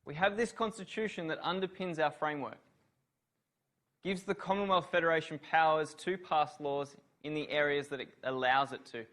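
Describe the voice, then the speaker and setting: A man's voice: fairly high pitch, moderate pace, a bit bright. A man giving a university revision lecture on law, asking students questions and praising their answers.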